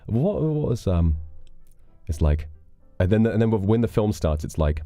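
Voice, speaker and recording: Speaking on the low side and pausing often, this UK livestream host takes his time thanking viewers for donations. He keeps the casual chat playful and relaxed, adding dramatic flourishes. Soft music plays behind a dry recording.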